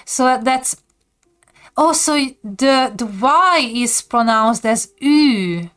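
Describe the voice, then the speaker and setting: A woman's voice: on the high side, expressive, extremely slow, fairly bright tone, faint music behind. A woman from Hungary, speaking with a Hungarian accent, chatty and giggling often as she teaches viewers on a casual live stream.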